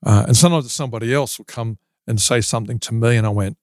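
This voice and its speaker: A middle-aged man speaking earnestly about faith as a podcast guest, often pausing and restarting his sentences. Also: mid-range voice, a little mellow, no room sound, clean studio sound. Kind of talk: reflective podcast interview.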